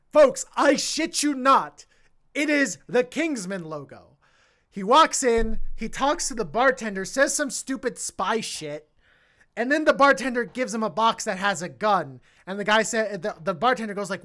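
A woman's voice: mid-range voice, a bit bright. A woman co-hosting a podcast, recapping a movie plot in casual, rambling chat and swearing freely. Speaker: podcast co-host.

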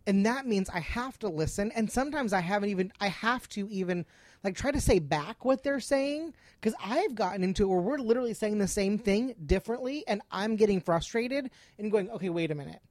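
A woman's voice: medium pitch, brisk, darkish tone, dry recording. A woman speaking on a podcast in an earnest, emphatic way, often repeating herself. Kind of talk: casual podcast chat.

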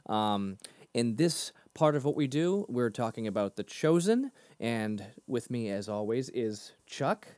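A man's voice: medium pitch, very animated, a little mellow, dry recording. Guy from near boston, rambly podcast co-host, laughs a lot, mid voice, dry mic. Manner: rambling, self-deprecating, quick to laugh. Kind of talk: casual chat.

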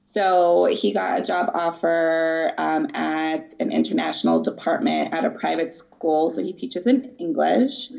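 A woman's voice: sits low, sing-song, a little slow, gravelly, few pauses, a little mellow, lo-fi sound. A woman from Pittsburgh in the United States, a guest chatting casually in an interview. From Pittsburgh, Pennsylvania, United States.

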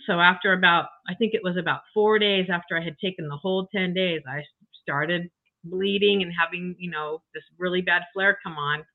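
An older woman telling her health story in a chatty, emotional way as an interview guest, full of restarts and asides. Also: on the low side. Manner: chatty, emotional, frequent you-knows and restarts. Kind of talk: casual personal story. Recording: tinny phone-like call audio.

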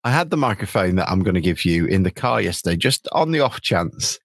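A man's voice: low voice, very animated, brisk, husky, dry recording. A man from England hosting a casual football podcast over a video call, chatty, with many ums, restarts and laughs. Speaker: podcast host.

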